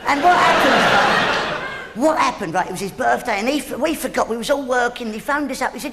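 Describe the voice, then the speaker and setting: A man's voice: extremely high pitch, fast. A man doing live stand-up comedy on a theatre stage, rambling and teasing the audience. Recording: live theatre, loud crowd laughter.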